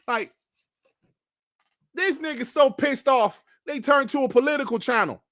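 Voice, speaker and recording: A man's voice: extremely high pitch, unhurried, long pauses, a bit bright. A man hosting a casual gaming podcast, ranting bluntly with plenty of slang and swearing. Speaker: podcast host.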